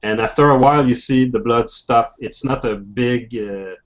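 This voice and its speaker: A man narrates as game master, stopping and restarting his sentences often. His voice sits at an ordinary pitch. The audio is dull and lo-fi, like an online voice call. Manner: halting, many restarts and fillers.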